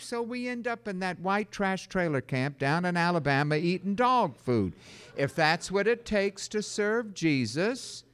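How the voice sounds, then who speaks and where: An older man preaching a sermon in an animated way, slipping into loud mock-panicked voices. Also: high voice, a little slow. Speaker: pastor.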